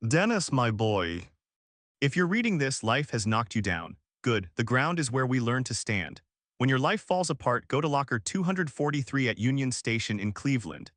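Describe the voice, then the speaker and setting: A man's voice: mid-range voice, sing-song, moderate pace, a bit bright, no room sound, clean studio sound. A man voicing an old, fatherly immigrant mentor who speaks in clipped, broken phrases. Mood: earnest advice.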